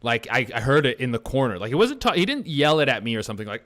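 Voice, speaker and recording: A male podcast co-host with a middle-pitched voice, talking loosely and profanely. He tells stories with animated energy and leans on fillers like "like.". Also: fast talker, hardly any pauses. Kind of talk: casual chat.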